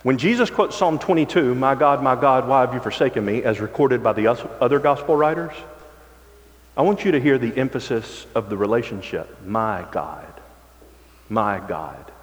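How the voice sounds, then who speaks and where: Here a male pastor gives a sermon, stretching out his scripture reading slowly. His delivery lurches between booming emphasis and quiet, low-toned moments, echoing with the long reverb of a big hall.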